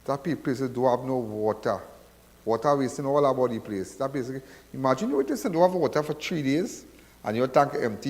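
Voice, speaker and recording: Trinidadian man, call-in host, rambly and preachy, mid-pitched voice with long reverb. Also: a little mellow. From Trinidad and Tobago. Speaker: radio call-in show host. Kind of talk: casual call-in talk.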